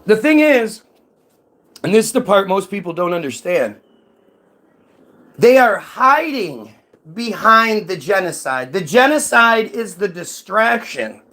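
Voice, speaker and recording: A man's voice: high voice, very animated, unhurried, long pauses, pushed and bright. A man hosting his own channel in a heated, profane commentary rant, firing off rhetorical questions. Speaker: commentary host. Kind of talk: ranting commentary.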